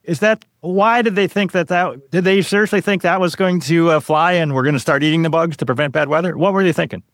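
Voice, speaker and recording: Male interviewer, slightly high voice, casual and hesitant, dry close-miked sound. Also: fast talker, dry recording. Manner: casual, hesitant with many fillers. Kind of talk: interview questions.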